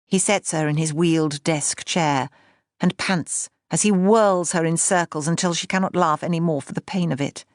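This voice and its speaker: Woman, audiobook narrator, low-pitched, measured, dry studio sound. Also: no room sound.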